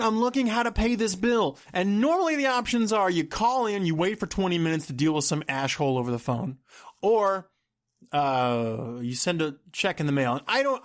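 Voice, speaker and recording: A man with a fairly high voice hosts his own podcast and rants on his own. He sounds exasperated and animated, laughing often and flaring into sudden outbursts. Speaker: podcast host. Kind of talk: solo ranting podcast.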